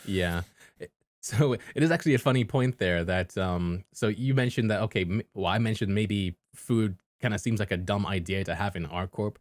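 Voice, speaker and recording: A man's voice: lowish voice, normal speed, no room sound. Chatty male podcast host, dry close mic. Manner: chatty, rambling with fillers and laughs. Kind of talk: casual podcast chat.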